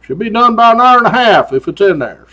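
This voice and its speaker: A man voicing an unbothered veteran male trooper who talks in a slow, folksy drawl. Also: high-pitched, big pitch swings, bright, forceful tone, voice pushed up, full character voice.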